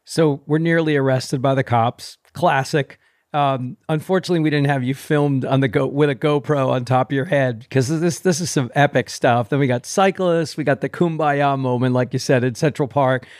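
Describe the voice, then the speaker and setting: A man hosting a casual conversation recaps his guest's story with eager asides and a bit of ranting. His voice is mid-pitched and recorded dry and close, with no room sound around it. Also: normal speed, darkish tone, dry recording. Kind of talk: casual chat.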